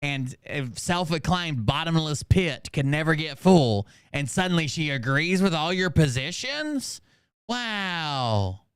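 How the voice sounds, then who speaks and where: A man hosting a commentary show, making sarcastic, crude, deadpan jokes about a clip. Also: a little high, slow pace, smooth, no room sound, studio quality. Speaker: commentary host. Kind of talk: mocking commentary.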